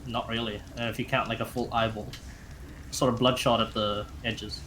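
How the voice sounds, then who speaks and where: Young male game master, mid-pitched, halting narration, faint background noise. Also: level tone, fairly bright tone. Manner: halting, many fillers and restarts.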